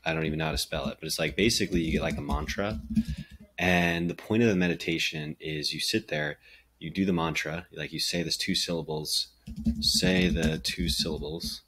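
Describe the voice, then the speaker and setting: A man's voice: extremely low pitch, fairly even intonation, moderate pace, a bit bright, slightly rough. A young man talking to camera in a casual, meandering way, with lots of fillers and self-deprecating asides. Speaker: vlogger. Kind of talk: casual reflective monologue.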